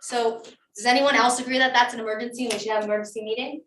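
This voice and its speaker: A woman on a township committee pleads her case at a public meeting, her voice a little high. She is emotional and insistent and keeps restarting her sentences. She sounds set back from the mic, and the meeting room echoes. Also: fairly even intonation, rapid-fire, fairly bright tone, recorded from a distance, slight background noise. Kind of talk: speaking at a public council meeting.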